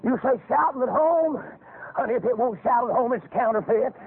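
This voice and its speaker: An older man preaching a fiery revival sermon, folksy storytelling that climbs into shouted exhortation. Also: very high-pitched, fairly quick, slightly rough. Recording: tinny phone-like lo-fi recording.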